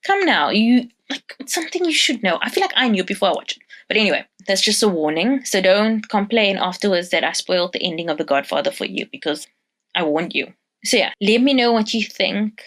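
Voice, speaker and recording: A woman introducing her podcast episode, speaking directly and warmly to her listeners. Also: medium pitch, lively intonation, brisk. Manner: friendly, addresses listeners directly. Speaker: podcast host.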